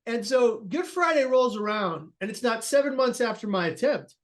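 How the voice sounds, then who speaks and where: A man's voice: very high voice, lively intonation, normal speed. A man, a guest on an interview podcast, earnestly tells a personal story and acts out the people he quotes, often restarting his sentences.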